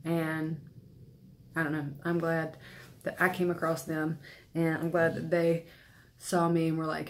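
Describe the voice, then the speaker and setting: A woman's voice: sits low, completely flat delivery, unhurried, long pauses. A young woman talking earnestly and a bit ramblingly in a personal vlog, sprinkling in lots of "like.". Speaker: beauty vlogger.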